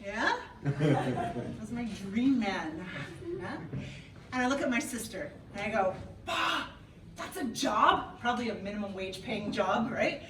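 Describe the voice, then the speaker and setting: A woman's voice: medium pitch, normal speed, crowd noise. Playful woman storyteller in an echoey hall. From Canada. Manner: playful, lively, talks to the audience. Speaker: storyteller on stage. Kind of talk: comic storytelling speech. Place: event hall before a live audience. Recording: echoey hall, mic from a distance, noisy.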